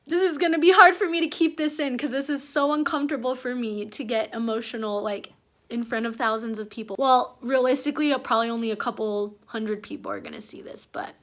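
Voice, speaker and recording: Young mom rambling to the camera at home, high bright voice, chatty and a bit emotional. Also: female voice, expressive, a little fast. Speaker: mom vlogger. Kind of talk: casual chat to camera. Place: at home with her baby.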